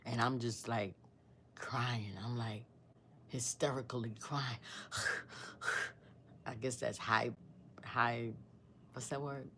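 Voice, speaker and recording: Woman, sixties, storytime vlogger, devout, rambling, hushed at times. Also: rumbling low, steady tone, slow pace, long pauses, slight background noise. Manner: rambling, searching for words, drops to a hushed near-whisper; earnest and devout. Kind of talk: emotional personal storytime.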